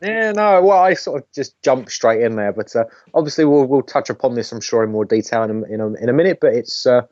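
A man's voice: medium pitch, animated, fairly quick, a little mellow, no room sound. A man co-hosting a casual podcast, chatty with wry rambling asides. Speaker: podcast co-host. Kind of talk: casual chat. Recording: dry, dull audio.

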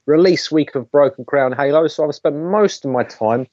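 A man's voice: a little high, moderate pace, darkish tone, no room sound. A man co-hosting a casual podcast, chatty with wry rambling asides. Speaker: podcast co-host. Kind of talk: casual chat. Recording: dry, dull audio.

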